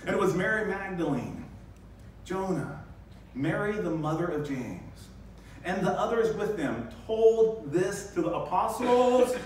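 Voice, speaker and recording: A male pastor giving a lively sermon, acting out the scenes with sudden high bursts. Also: slight background noise. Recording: very echoey church hall, distant mic.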